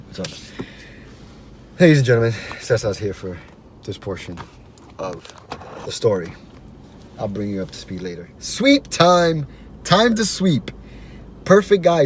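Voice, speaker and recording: Animated, profane man telling a story. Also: mid-range voice, moderate pace, pauses often, a little hiss or hum. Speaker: podcast host. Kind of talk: casual storytelling.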